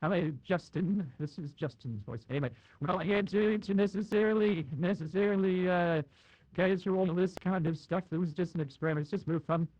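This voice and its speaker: A man's voice: high voice, fairly quick, darkish tone, dry recording, highs cut off, pitched above the performer's own voice. A man on a live stream talking through a voice changer preset, upbeat and rambling.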